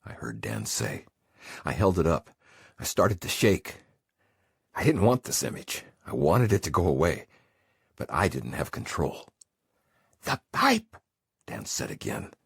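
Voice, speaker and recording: Extremely deep, gravelly man narrating. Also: no room sound, clean studio sound. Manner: intense, emotional first-person storytelling. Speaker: audiobook narrator. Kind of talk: scripted memoir narration.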